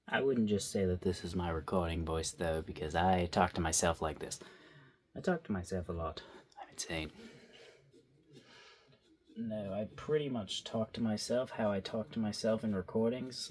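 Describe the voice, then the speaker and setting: This young drawing vlogger rambles playfully to himself over his phone recording, narrating his work casually. He speaks a little slowly, in a lowish, slightly mellow voice.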